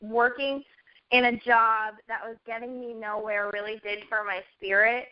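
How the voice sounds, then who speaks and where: High-voiced woman telling her story earnestly. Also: fairly even intonation, moderate pace. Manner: earnest storytelling, quotes herself. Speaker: network marketing guest. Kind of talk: casual chat. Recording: dull lo-fi audio.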